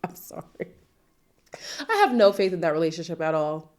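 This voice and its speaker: A woman's voice: fairly low pitch, normal speed. A woman hosting a reality TV recap, talking casually with incredulous, sassy asides.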